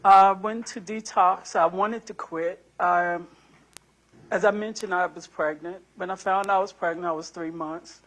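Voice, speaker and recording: A woman in her sixties, a prospective juror, answering questions in a courtroom in an earnest, soft-spoken, apologetic way. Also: lowish voice, steady tone, unhurried. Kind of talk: answering jury selection questions.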